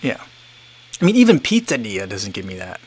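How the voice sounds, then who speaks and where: A man's voice: on the low side, wildly swooping pitch, brisk, darkish tone, breathy edge. A man in his thirties hosting a casual livestream, chatting loosely and reading viewer comments, rambling with many fillers and restarts. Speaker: livestream host.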